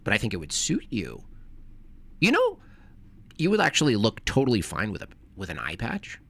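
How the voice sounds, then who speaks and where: A man streaming casually, reacting to a video with sarcastic, mocking commentary that swings between loud jabs and mumbled asides. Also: fairly low pitch, huge pitch swings, quick pace, vocal fry.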